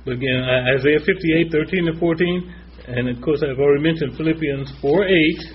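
A man's voice: fairly high pitch, brisk. A man preaching, citing scripture references in short phrases. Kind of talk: sermon. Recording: slightly dull with faint noise.

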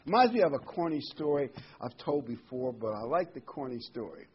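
A man preaching a conversational sermon, reading scripture slowly and with emphasis. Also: mid-range voice, expressive, slightly rough. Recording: dull lo-fi recording.

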